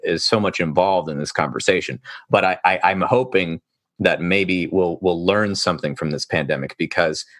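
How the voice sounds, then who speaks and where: A man's voice: low-pitched, normal speed, fairly bright tone, no echo, studio quality. A male therapist hosting a podcast interview, talking in a thoughtful, rambling way with many fillers and restarts. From United States.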